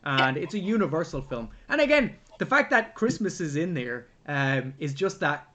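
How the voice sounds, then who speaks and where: Animated male podcast host, slightly high voice, casual film talk. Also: moderate pace, noisy background. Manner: animated, swearing, acts out scenes. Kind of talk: casual film review chat.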